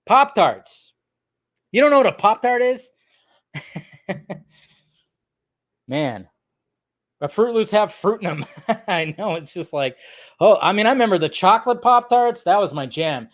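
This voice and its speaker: A man's voice: sits high, big pitch swings, measured pace, pauses often. A man hosting a casual movie news livestream, rambling loosely and laughing often as he swears. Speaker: movie news channel host.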